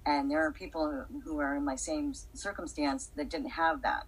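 A woman's voice: low-pitched, steady tone, moderate pace, husky, poor audio. A woman talking earnestly and reflectively in a casual conversation.

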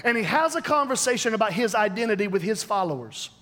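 A man's voice: high voice, lively intonation, quick pace, pushed and bright. A man pastor delivering a sermon, emphatic and full of repeated phrases. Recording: long reverb of a large hall.

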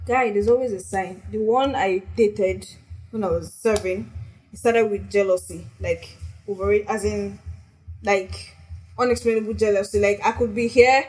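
A woman's voice: mid-range voice, fairly even intonation, normal speed, darkish tone, poor audio. Outspoken young woman. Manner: outspoken, frank, swears freely. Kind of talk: casual chat.

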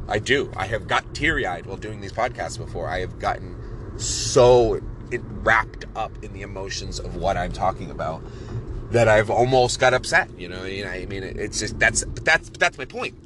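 A man hosting his own podcast, talking alone to listeners in an emphatic, animated way, repeating words and restarting sentences as he goes. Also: on the low side, slight background noise. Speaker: podcast host and streamer. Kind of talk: solo podcast monologue.

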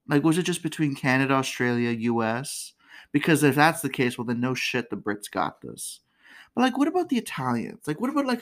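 A woman hosting a casual comedic commentary, chatty and candid, laughing often. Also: low voice. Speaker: podcast host.

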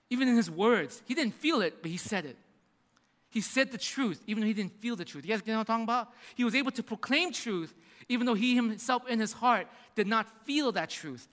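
A man preaching a sermon as a pastor, telling the story with animated acting-out of the characters. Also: high-pitched. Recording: reverberant hall.

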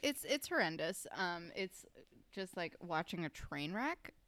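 A woman's voice: on the low side, very animated, measured pace, fairly bright tone, no echo. A woman co-hosting a podcast, adding wry remarks while she and her friend recap an episode. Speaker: podcast co-host. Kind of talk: casual recap chat.

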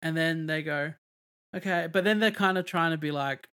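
Casual male podcaster, somewhat high-pitched, loose rambling delivery with fillers. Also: fairly quick, bright, forceful tone, clean tone. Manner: rambling, many fillers and restarts. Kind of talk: casual movie review chat.

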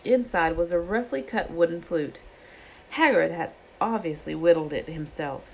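A woman's voice: fairly low pitch, moderate pace, slightly rough, poor audio. A woman reading a children's novel aloud and acting out the characters' lines in her own voice. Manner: reads with lively character voices. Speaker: reader.

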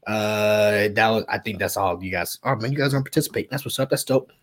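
A man's voice: on the low side, fast talker, fairly bright tone. A man co-hosting a casual aftershow podcast, ranting profanely and acting out quotes. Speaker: aftershow co-host.

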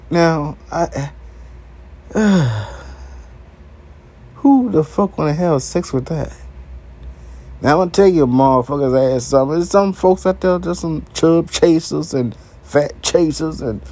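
Slow, animated profane storyteller man. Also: on the high side. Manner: crude, rambling storytelling with heavy swearing. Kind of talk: profane comedic monologue.

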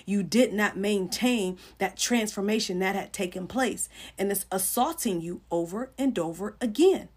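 A woman's voice: medium pitch, normal speed, hardly any pauses, a little mellow, husky. A middle-aged woman giving an informal sermon on a livestream, talking earnestly and conversationally to viewers and greeting them by name. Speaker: Christian livestream host.

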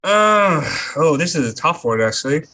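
Male co-host, higher and bright timbre, chatty, reasons aloud. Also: sing-song, normal speed. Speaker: podcast co-host. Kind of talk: casual chat.

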